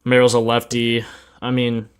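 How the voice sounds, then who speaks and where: A man's voice: medium pitch, monotone, normal speed, clear, resonant tone. A man hosting a sports betting livestream in casual chat, laid-back and slangy, sleepy after just waking up, reading stats aloud and answering chat.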